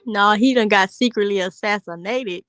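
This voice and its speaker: Young woman streamer, low voice, brash and profane, chatty with viewers, dry close sound. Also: no echo. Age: young adult. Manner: brash, profane, laughing, talks straight to chat. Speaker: livestream host. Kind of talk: casual livestream chat reading comments.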